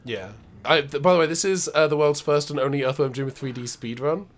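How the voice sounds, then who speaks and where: A man's voice: fairly high pitch, a little fast. A man co-hosting a retro video game show, casually commenting while he plays, rambling and knowledgeable. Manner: rambling, knowledgeable, many restarts. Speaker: co-host playing retro games.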